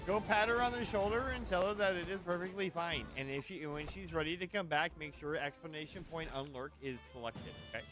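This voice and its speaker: A man streaming a game live with friends, animated and quick to laugh and swear. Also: fairly high pitch. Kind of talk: live gaming stream chat. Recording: game music in the background.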